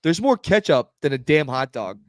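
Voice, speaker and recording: Animated man telling a story on a podcast. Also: fairly high pitch, normal speed, no echo, studio quality. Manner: animated storyteller, shouts when quoting others. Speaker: podcast co-host. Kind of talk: casual chat, storytelling.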